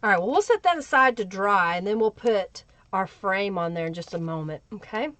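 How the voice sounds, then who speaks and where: A woman hosts a live crafting tutorial in a mid-range, animated, slightly bright voice, talking a little fast. She chats away and greets people in the chat by name, all in dull lo-fi livestream audio.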